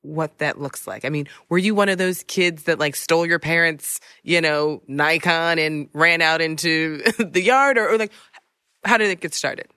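Bright-voiced podcast host asking questions. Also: mid-range voice, normal speed, clear, resonant tone, no room sound, studio quality. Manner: chatty, friendly questioning. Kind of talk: casual interview.

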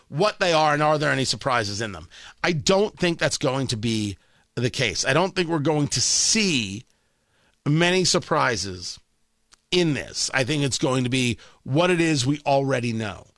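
A man hosting a political talk radio show, delivering an animated, sarcastic monologue into a studio microphone. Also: sits high, no room sound. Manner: animated, excitable, sarcastic asides.

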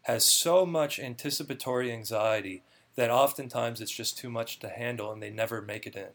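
Brisk and fairly bright in tone, this medium-pitched male voice belongs to a clinical research guest in a conversational interview. He explains his job earnestly and often repeats words as he starts a thought.

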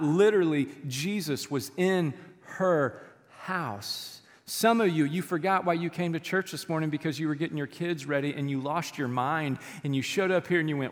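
Male pastor, 30s, high voice, funny animated sermon stories, long hall reverb. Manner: humorous, animated storytelling. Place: church sanctuary.

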